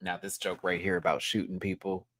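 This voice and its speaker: A reviewer in a casual live review, talking animatedly with sassy asides and sudden high-pitched exclamations. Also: little pitch movement, fairly quick, fairly bright tone. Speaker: show reviewer.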